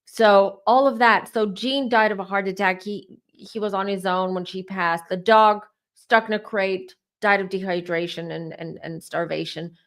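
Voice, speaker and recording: A woman doing a casual tarot reading for her channel, talking in an animated way and repeating herself as she works up to exclamations. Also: mid-range voice, normal speed, few pauses. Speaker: tarot reader.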